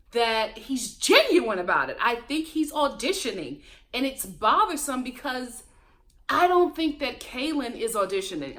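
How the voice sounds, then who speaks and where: Lively, gossipy woman reviewing reality TV. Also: fairly high pitch. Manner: animated and gossipy, mimics cast members. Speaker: show recap host.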